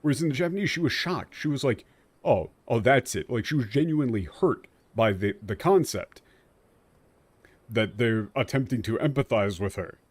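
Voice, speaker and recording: A man's voice: mid-range voice, expressive, normal speed, slightly rough. A man streaming a game, ranting with frequent swearing about how its dialogue was translated. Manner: ranting, exasperated, swears often. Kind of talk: profane commentary on a game translation.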